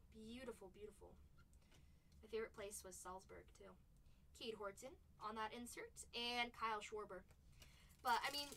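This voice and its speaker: A young woman hosts a live card break in a high, bright voice. She chats and laughs between calling out cards, sitting a little back from the mic over faint background noise. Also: recorded from a distance. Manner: chatty, calls out cards between stories, laughs often. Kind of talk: casual live-stream chat while opening card packs.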